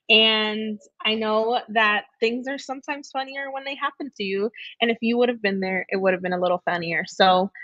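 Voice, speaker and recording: Woman, host, bright voice, chatty, upbeat, dry lo-fi sound. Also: fairly high pitch, dry recording. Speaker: teacher segment host. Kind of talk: casual live-stream storytelling.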